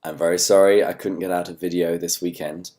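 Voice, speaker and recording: A man with an English accent hosting a Bible study talk from home, his voice still worn from illness, speaking in a measured, earnest way. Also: deep voice, flat delivery, warm tone. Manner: measured, earnest, with slow stresses on key words. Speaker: host and Bible teacher.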